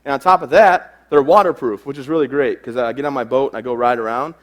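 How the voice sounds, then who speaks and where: The young man's mid-range voice moves quickly as he delivers a comedic keynote on stage before a live crowd. He's a joking storyteller whose anecdotes are at his own expense.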